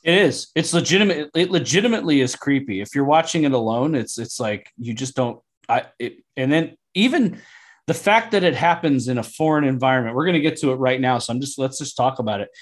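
A man's voice: medium pitch, a little fast. A man co-hosting a podcast, talking eagerly about a TV episode and often restarting his sentences. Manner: enthusiastic, restarts often when excited. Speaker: podcast co-host. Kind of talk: casual discussion of a TV episode.

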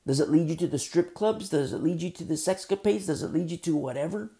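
A man's voice: on the high side, quick pace, warm tone. A man preaching a sermon as pastor, building through emphatic rhetorical questions.

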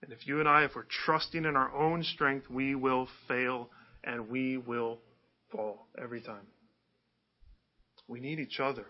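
A man's voice: mid-range voice, fairly even intonation, a little slow, lo-fi sound. A man preaching a sermon in a conversational way, often asking his listeners rhetorical questions. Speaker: pastor.

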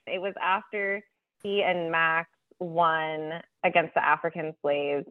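Slow-talking woman on a tinny line. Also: low-pitched, level tone, dry recording. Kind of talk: casual book-club chat. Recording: dry, tinny phone-like line.

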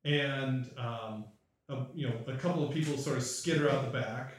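A man's voice: medium pitch, normal speed, a little hiss or hum. Man running a tabletop game, echoey. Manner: loose, many fillers and hesitations. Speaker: game master. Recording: very echoey room, mic far off.

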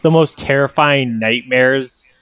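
A man's voice: mid-range voice, slow pace, fairly bright tone, clear, resonant tone. Young man running a tabletop game. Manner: loose, filler-heavy, laughing often. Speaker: game master.

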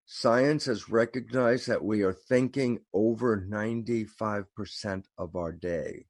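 A man talking as a guest, telling a story in an animated way and acting out the quoted lines. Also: lowish voice, a little slow, no room sound. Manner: animated, acts out quoted dialogue. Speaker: guest speaker. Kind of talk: storytelling conversation.

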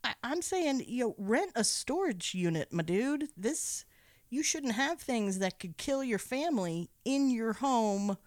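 A playful woman co-hosts a casual podcast and recaps a film with a sarcastic edge. Her pitch swings widely as she talks, and she laughs often. The recording sounds dry and close. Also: lively intonation, a little slow, dry recording. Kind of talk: casual chat.

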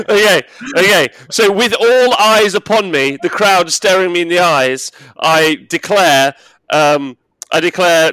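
A man's voice: high voice, measured pace, bright, forceful tone, dry recording, rough recording. A young man playing in a tabletop game, joking and bragging in casual chat. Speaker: player.

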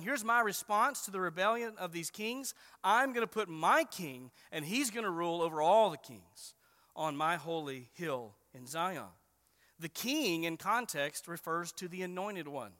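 A man preaching an expository sermon, emphatic and slowing down to stress the verses he quotes. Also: sits high, lively intonation, bright, forceful tone. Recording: long hall reverb.

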